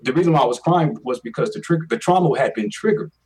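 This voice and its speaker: Earnest forties guy telling his story, talks fast, kinda far from the mic. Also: medium pitch, lively intonation, a little mellow, breathy edge. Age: 40s. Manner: earnest, emphatic, repeats words. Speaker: interview guest. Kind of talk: personal storytelling.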